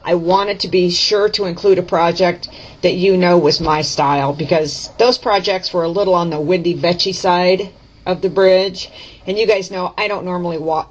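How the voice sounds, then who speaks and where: Chatty woman demoing crafts, lo-fi audio. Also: lowish voice. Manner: chatty, self-correcting, folksy. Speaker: craft vlogger. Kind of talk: casual craft demo to camera. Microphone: camera mic. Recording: dull lo-fi camera audio.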